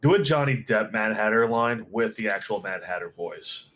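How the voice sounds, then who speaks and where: A man chatting with friends on a live stream, casual and playful, with some swearing. His voice swings widely in pitch and jumps up high for quoted lines. He talks over a group call. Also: expressive, normal speed, fairly bright tone, slight background noise.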